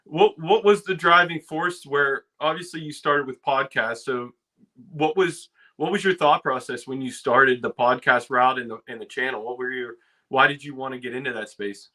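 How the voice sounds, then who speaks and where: A man hosting a casual interview, asking questions in halting starts and restarts. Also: medium pitch, bright, forceful tone. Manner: halting questions with many restarts, laughs easily. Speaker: interview host.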